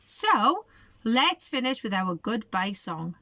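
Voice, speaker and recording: A woman's voice: a little high, sing-song, slow, sharp tone, no echo. A woman reading a picture book aloud to children, asking them coaxing questions. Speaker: storybook reader for children.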